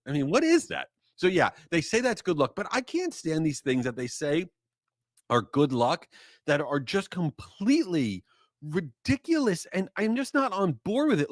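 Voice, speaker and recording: Male podcast host, casual monologue, very lively intonation, dead-dry booth sound. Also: no room sound. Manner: animated storyteller, rises high for excited bits.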